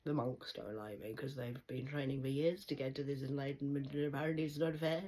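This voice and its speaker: A woman's voice: rumbling low, a little fast, hardly any pauses, a little mellow, breathy edge. A woman, talking straight to camera in an erratic, rambling monologue that jumps from one idea to the next. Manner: erratic, rambling, jumping between ideas.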